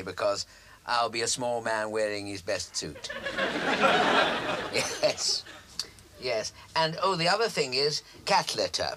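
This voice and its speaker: A man's voice: medium pitch, sharp tone, a little hiss or hum, full character voice, rough recording. An actor in his forties playing a meek, fussy son in a studio sitcom, flustered and apologetic. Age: 40s. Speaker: grown son. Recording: studio audience laughter. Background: audience laughter.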